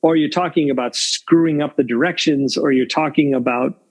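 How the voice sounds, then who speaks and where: Husky-voiced veteran man, reflective. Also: on the high side, moderate pace, poor audio. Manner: reflective, rambling with many fillers. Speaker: film crew veteran, interview guest. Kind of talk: candid interview answers.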